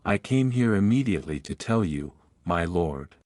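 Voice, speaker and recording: Brief: a fawning, long-winded robot underling with a formal manner, in a low register, read by a man. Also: expressive, moderate pace, darkish tone, no echo, clean studio sound. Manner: wordy, overly formal. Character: fawning male robot lieutenant, wordy.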